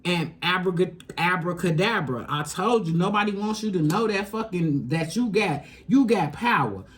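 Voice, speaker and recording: A woman giving a casual tarot reading, talking straight to the viewer in emphatic, slangy, profane bursts that jump from loud and high to low and quiet. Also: animated, normal speed. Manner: emphatic, slangy and profane, coaching the listener directly. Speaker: tarot reader.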